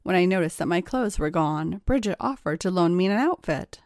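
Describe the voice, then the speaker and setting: A woman reading a scripted first-person story in a steady, confessional storytelling manner. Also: on the low side, moderate pace, no room sound, studio quality. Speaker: story reader.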